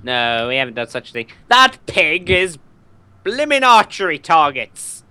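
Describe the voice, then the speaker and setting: Brief: gamer, jokey banter, very animated pitch. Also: a little slow, clear, resonant tone. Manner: jokey, teasing. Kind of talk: casual gaming chat.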